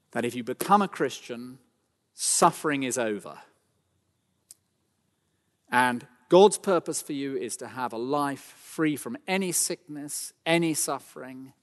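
Middle-aged preacher in a long-echoing church. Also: male voice, medium pitch. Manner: earnest, rising to fervent emphasis. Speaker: pastor. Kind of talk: sermon.

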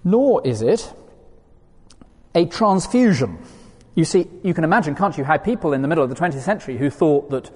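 A man's voice: a little high, animated, brisk, darkish tone, slightly rough. A man preaching a sermon in an earnest, emphatic way, reading quotations aloud to his listeners. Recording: long reverb of a hall.

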